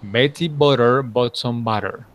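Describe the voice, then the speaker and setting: A male English teacher leads a pronunciation drill in a mid-range voice. He is encouraging and praises often, then sounds words out slowly for the class to repeat. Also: medium pitch, fairly bright tone, lo-fi sound.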